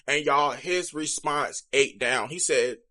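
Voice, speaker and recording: A man's voice: mid-range voice, slow, sharp tone. A young man talking to viewers in a candid, chatty confessional vlog. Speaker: vlogger.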